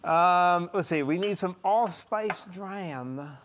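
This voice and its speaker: A man's voice: high voice, slow, fairly bright tone, a little hiss or hum. A man co-hosting a live show, mixing cocktails with jokey, chatty banter and frequent laughs.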